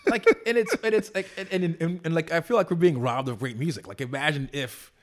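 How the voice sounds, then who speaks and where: A man's voice: fairly high pitch, fairly quick. A man co-hosting a podcast in a casual, rambling chat, often restarting his sentences. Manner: animated, rambling, many restarts. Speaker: podcast co-host.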